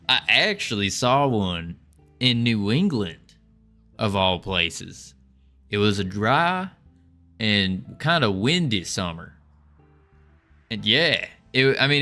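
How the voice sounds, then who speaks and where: Lively, bright-voiced man musing while coding. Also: on the low side. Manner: rambling, thinking aloud with small restarts. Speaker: game developer streaming. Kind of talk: casual livestream chat while coding.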